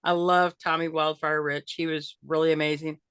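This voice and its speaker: Bright-voiced older woman, rambling chat. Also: deep voice, little pitch movement, normal speed, clean tone, no echo. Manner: rambling with many fillers and restarts. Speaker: guest. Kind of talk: casual interview chat.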